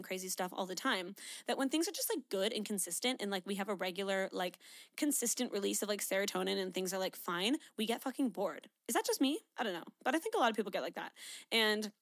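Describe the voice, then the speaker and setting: A woman's voice: medium pitch, fairly bright tone, no echo, studio quality. A young woman from Canada, hosting a podcast in a chatty, candid way, swearing freely and going off on tangents. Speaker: podcast host. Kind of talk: casual solo podcast talk.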